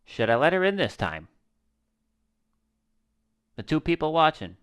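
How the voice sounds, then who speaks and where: Animated, slangy male gaming streamer. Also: a little high, a little slow, smooth. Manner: animated, slangy, swearing, talks to viewers. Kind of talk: casual gaming commentary.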